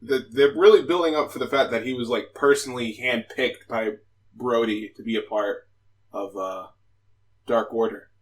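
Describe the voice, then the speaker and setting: A man co-hosting a casual podcast who gets excitable and hypes people up. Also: medium pitch, moderate pace, rough recording. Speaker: podcast co-host. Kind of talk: casual wrestling podcast chat.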